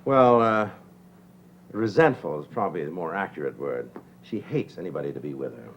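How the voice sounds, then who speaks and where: A man's voice: sits low, animated, normal speed, slight background noise, rough recording. An actor playing an anxious painter and father who hesitates and frets. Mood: worried. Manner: hesitant, many uh's, fretful.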